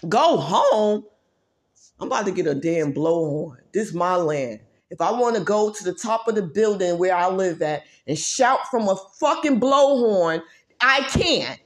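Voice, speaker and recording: A woman vlogger in a heated, profane rant who drives her points home by repeating herself and swings between loud outbursts and low muttering. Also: animated, unhurried. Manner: profane, emphatic, repeats phrases for force. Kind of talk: heated ranting monologue.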